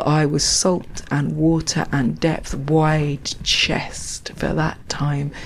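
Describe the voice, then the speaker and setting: Woman, unhurried spoken-word storytelling, wry asides, faint outdoor hiss behind. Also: low voice. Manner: slow, poetic and wry, with asides. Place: outdoors, walking along a canal.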